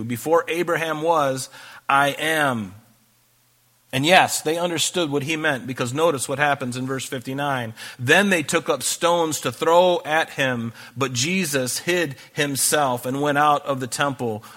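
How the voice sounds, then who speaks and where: A man's voice: mid-range voice, a bit bright. A man preaching a sermon, reading scripture aloud and breaking off into conversational asides. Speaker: pastor.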